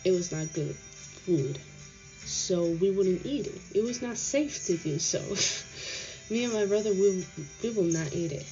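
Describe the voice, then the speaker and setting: A young woman, not a native English speaker, tells her story slowly in a low, mellow voice, candid and slangy. The sound is dull and lo-fi, with faint music underneath. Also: expressive. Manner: candid, frustrated, slangy retelling. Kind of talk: personal storytelling.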